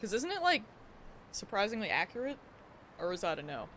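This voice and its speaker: A woman's voice: medium pitch, sing-song, brisk, a bit bright, a little hiss or hum. A woman streamer chatting casually while playing a game and telling stories with frequent giggles. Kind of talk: casual live-stream gameplay chat.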